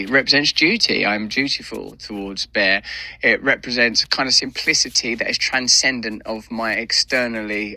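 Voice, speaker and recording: A man's voice: fairly low pitch, pushed and bright. A middle-aged man, musing in a rambling, philosophical monologue. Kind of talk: reflective monologue.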